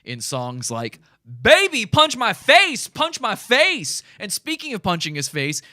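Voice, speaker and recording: A man's voice: a little high, pushed and bright, no room sound, studio quality. A man hosting a podcast, giving mocking, sarcastic commentary on a video and describing it for listeners. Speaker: podcast host.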